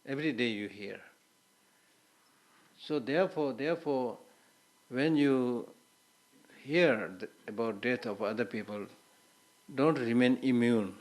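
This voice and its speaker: A man's voice: medium pitch, slow, pauses often. Conversational male Buddhist teacher. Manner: conversational, repeats words, Hindi asides. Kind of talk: teaching lecture with stories.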